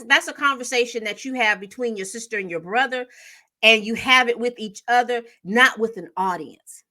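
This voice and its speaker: Woman, high bright voice, chatty TV recap host, lots of fillers. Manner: chatty, animated storytelling with acted-out quotes; frequent fillers and self-corrections. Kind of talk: casual TV episode recap.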